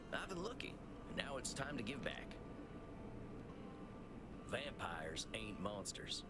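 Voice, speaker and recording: A drawling Southern cowboy vampire. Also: male voice, medium pitch, sing-song, takes it slowly, very noisy. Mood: earnest reflection. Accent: American Southern. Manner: folksy drawl, country sayings. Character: gentle cowboy vampire, centuries old, folksy and earnest. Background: loud game music.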